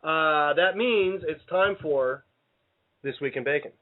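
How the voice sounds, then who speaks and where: A man's voice: fairly high pitch, slow. Rambling radio host man, tinny sound. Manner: rambling, self-interrupting, playful. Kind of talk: casual radio chat. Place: radio studio.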